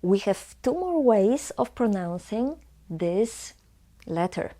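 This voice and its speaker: Polish-accented female language teacher; deliberate, unhurried delivery, repeats every example word twice. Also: mid-range voice, sing-song, dark tone. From Poland. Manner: slow, careful, repeats each word twice. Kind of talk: pronunciation lesson.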